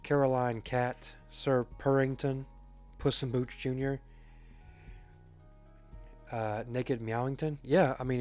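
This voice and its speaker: A man's voice: mid-range voice, a little mellow. A man casually commenting on a game as a streamer, joking and reading chat aloud.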